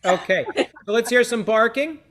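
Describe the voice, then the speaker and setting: A man's voice: extremely high pitch, normal speed, background noise. A man leading an online seder, cueing participants in an encouraging, casual way with fillers. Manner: upbeat, encouraging, with frequent fillers. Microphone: video call.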